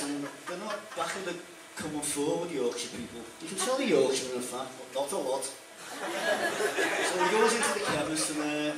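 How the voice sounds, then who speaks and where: A man's voice: on the high side, recorded from a distance, heavy background noise. Liverpool man telling jokes in an echoey hall. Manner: chatty joke-telling, acting out characters. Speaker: stand-up comedian. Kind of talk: stand-up comedy routine. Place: stage in a room with an audience. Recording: echoey room recorded from afar.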